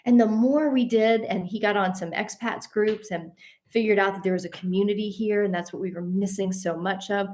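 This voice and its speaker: A woman telling a personal travel story in a casual, animated way. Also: mid-range voice, brisk. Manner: animated, addresses listeners as y'all. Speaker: host.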